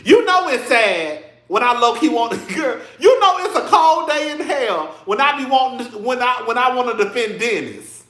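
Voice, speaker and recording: A man's voice: extremely high pitch, big pitch swings, normal speed, hardly any pauses, fairly bright tone, reverberant. A man casually commenting on a reality show, sassy and dramatic, laughing often and calling his listeners girl.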